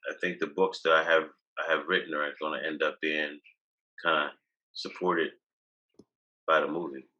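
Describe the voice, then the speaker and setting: A man's voice: rumbling low, level tone, normal speed, sharp tone, lo-fi sound. A man telling loose, boastful stories as a guest on a video call, restarting his sentences often. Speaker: guest, cannabis activist. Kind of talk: casual interview talk.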